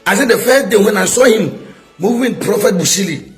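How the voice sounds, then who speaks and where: A man's voice: sits high, animated, normal speed, faint music behind. A middle-aged man with a Ghanaian English accent, a prophet scolding a rival in a heated video response, full of rhetorical questions.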